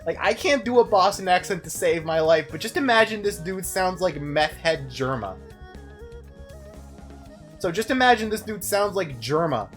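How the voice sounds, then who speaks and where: A man's voice: high voice, animated, moderate pace, soft background music. A young man streaming a game, rambling through casual commentary with frequent swearing and laughs. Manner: rambling, profane, laughs often.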